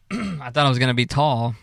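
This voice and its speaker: A man's voice: mid-range voice, animated, normal speed, gravelly, dry recording, clean studio sound. A man co-hosting a podcast in loose casual chat, swearing freely and laughing at his own jokes. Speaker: podcast co-host.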